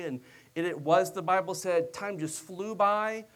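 A man's voice: high-pitched, steady tone, moderate pace, fairly bright tone. A male preacher delivering a sermon in a conversational storytelling style, with joking asides to his listeners.

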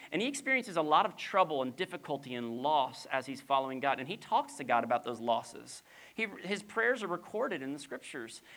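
A middle-aged pastor preaching a sermon, animated, with playful asides and rhetorical questions, dropping to a soft, low voice on key lines.

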